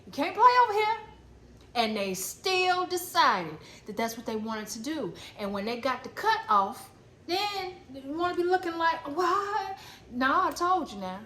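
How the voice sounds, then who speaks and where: A woman's voice: high voice, big pitch swings, measured pace, sharp tone. A woman giving a blunt, emphatic spiritual pep talk, repeating phrases and cursing casually. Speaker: spiritual coach. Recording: echoey room with faint ambient noise.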